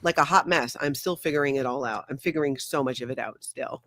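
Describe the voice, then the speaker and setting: Excitable woman with a radio-trained voice. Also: rumbling low, brisk, no room sound, studio quality. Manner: excitable, animated, laughs often; projecting former radio voice. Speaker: guest co-host. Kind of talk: casual livestream chat. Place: home office. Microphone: desk mic.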